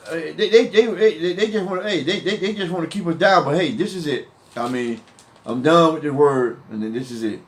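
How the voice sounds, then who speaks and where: A man with a somewhat high voice giving informal Bible teaching, heated and emphatic. He keeps stumbling over his words, repeating them and starting again as he presses each point home. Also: brisk.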